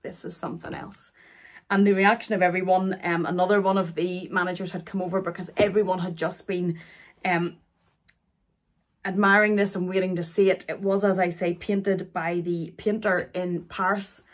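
A woman's voice: on the low side, little pitch movement. Emotional woman in her forties. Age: 40s. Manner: emotional, halting, with many restarts and fillers. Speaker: luxury vlogger. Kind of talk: chatty unboxing vlog.

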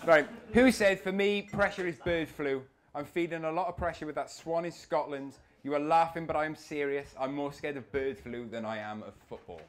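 A man's voice: fairly high pitch, moderate pace, few pauses. A man hosting a live football quiz in a coffee shop, chatty and jokey as he reads out the questions. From Wales. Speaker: quiz host. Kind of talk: reading out a live pub quiz. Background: crowd of quiz players.

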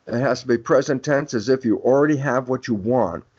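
A man's voice: medium pitch, brisk, a little mellow, husky. Older guy explaining stuff on a podcast, emphatic, acts out little dialogues, kinda muffled lo-fi sound. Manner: emphatic lecturing, acting out quoted dialogue. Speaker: guest expert. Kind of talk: podcast interview, explaining ideas. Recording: dull lo-fi audio.

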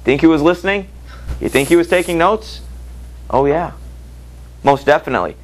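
A man's voice: a little high, moderate pace, poor audio. A male teacher giving a literature lecture, reading passages aloud and asking the class rhetorical questions in a conversational way.

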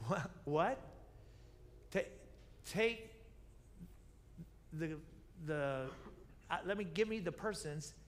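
Pastor in the pulpit, a man with a high voice, retelling Bible stories with gusto, repeating his points, in a reverberant sanctuary. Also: slow, pauses often. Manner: animated storytelling, acting out biblical characters' lines; repeats key phrases, asks the congregation questions. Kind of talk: sermon. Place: church sanctuary. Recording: reverberant church sanctuary broadcast.

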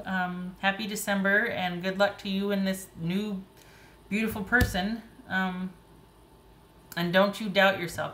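A woman giving a casual, chatty tarot reading, encouraging and quick to laugh and exclaim. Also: fairly low pitch, fairly bright tone, roomy sound, slight background noise. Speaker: tarot reader.

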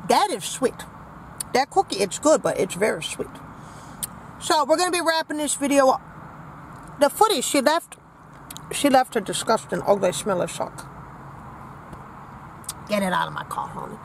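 A woman's voice: sits high, sing-song, moderate pace, gravelly, pauses often, a little hiss or hum, exaggerated voice, low-quality recording. A woman playing a vain, brash old granny character, rambling with sassy, crude asides from inside a parked car. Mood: preachy. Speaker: comedy vlogger in character.

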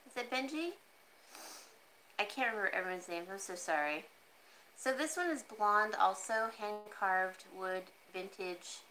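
Slow-talking chatty woman selling jewelry. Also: pushed and bright, slight background noise, rough recording. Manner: chatty, easily sidetracked, laughs often; talks to her cat in a high coaxing voice. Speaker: online jewelry seller. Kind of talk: casual live-stream sales chat.

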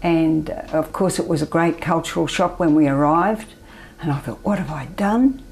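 An older Australian woman telling her personal story as an interview guest, soft-spoken and often trailing off into near-whispers. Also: low-pitched, moderate pace, low-quality recording. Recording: faint background noise.

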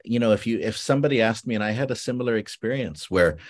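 Low male host from Guam, rambling and reflective, video call chat. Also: animated, fast. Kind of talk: casual panel chat.

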